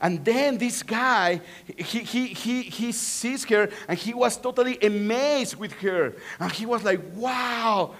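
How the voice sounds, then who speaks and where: High-voiced pastor with a Spanish accent. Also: male voice, measured pace. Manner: animated, joking with the congregation. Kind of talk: sermon.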